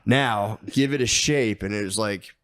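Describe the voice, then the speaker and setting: A man's voice: on the low side, moderate pace, no room sound. A young man and podcast co-host telling a long story in casual chat, rambling and swearing, with stammered restarts, acting out what he thought and said. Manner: rambling, profane, stammering restarts, acts out his own thoughts.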